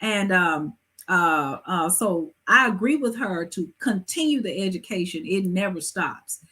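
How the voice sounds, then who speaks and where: A woman hosting a live talk show, giving hair-care advice in a lively, preachy way with emphatic asides. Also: lowish voice, measured pace, husky. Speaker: host.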